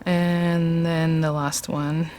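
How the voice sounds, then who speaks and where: Chatty woman crafting, lower voice. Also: little pitch movement, drawn-out words, a little mellow. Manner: chatty, thinking aloud with fillers. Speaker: craft tutorial host. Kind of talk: casual craft demonstration.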